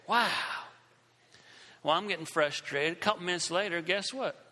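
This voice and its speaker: A man's voice: high voice, normal speed, pauses often, pushed and bright, long reverb tail. A man preaching a sermon, telling a story and acting out the scenes with shifting voices.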